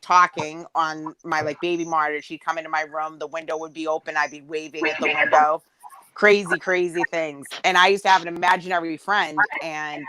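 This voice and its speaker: A woman's voice: low-pitched, fairly bright tone, no room sound, low-quality recording. A woman in her forties telling a long personal story in casual chat, rambling with many fillers and acting out quotes. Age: 40s.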